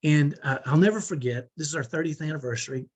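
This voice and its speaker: Earnest man in his fifties, husky voice a bit high, motivational coaching talk. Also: quick pace. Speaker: parenting coach. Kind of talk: online training talk.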